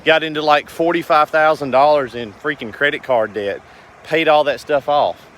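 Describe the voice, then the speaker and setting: Folksy man, somewhat high voice. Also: normal speed, a bit bright, a little hiss or hum. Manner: rambling, earnest, folksy. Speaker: business owner vlogger. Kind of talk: casual talk to camera.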